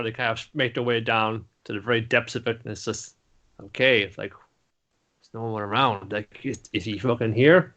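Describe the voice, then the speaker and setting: A man casually recapping a cartoon episode on a podcast, swearing freely and slipping into quick voices for the characters. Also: on the low side, sharp tone. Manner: loose and profane, breaks into laughter, acts out lines mid-story. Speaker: anime podcast co-host.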